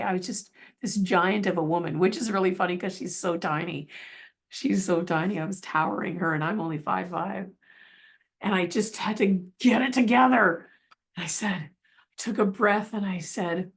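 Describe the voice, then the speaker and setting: A woman's voice: medium pitch, normal speed, creaky, breathy edge. A middle-aged woman telling a personal story in a casual, earnest, rambling way, full of restarts and asides. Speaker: healing practitioner telling her story.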